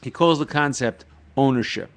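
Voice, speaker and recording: A man's voice: mid-range voice, normal speed. A man, a guest on a talk show, reading short passages aloud and then explaining spiritual ideas with everyday examples. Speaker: guest teaching Kabbalah.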